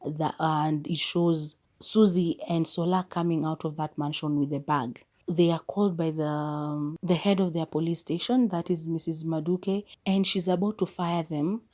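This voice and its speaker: Low, mellow-voiced woman recapping a movie. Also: steady tone. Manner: chatty retelling with quick asides and restarts. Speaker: podcast host.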